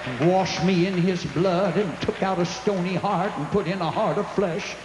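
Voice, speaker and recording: A man's voice: sits high, moderate pace, background noise, pitched below the performer's own voice, close to an everyday voice. A man voicing a plain-spoken old farmer deacon with folksy rural speech, recorded live at a tent revival. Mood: awed. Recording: tent revival with long echo and crowd.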